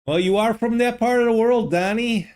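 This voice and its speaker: His voice is very high, a little mellow, clear and resonant at normal speed as he streams a geography guessing game on a desk microphone, thinking aloud and chatting casually with viewers.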